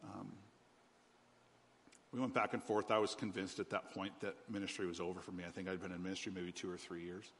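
A man's voice: sits low, flat delivery, fairly quick, a bit bright, a little hiss or hum. A middle-aged man, a pastor, telling a personal testimony in a sermon, talking candidly and conversationally with many ums. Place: church auditorium. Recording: church hall reverb, faint ambience.

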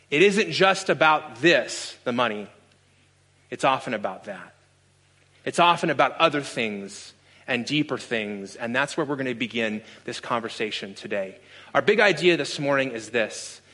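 A pastor in his thirties preaches in a bright, forceful voice pitched a little high. He tells stories earnestly and slips in dry sarcasm now and then. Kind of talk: sermon.

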